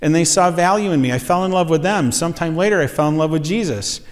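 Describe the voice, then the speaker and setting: A man's voice: on the high side, expressive, quick pace. Earnest male preacher in a reverberant hall. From USA. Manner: earnest storytelling, voice rising with emphasis. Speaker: pastor teaching a series. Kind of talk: sermon. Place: church sanctuary.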